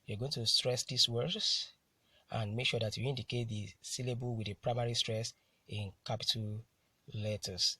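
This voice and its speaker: A man with a husky voice teaches a lesson in a dry, close sound. He talks slowly and with care, repeating key words and spelling out letters one by one. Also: mid-range voice, fairly even intonation, pushed and bright, dry recording. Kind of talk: recorded lesson.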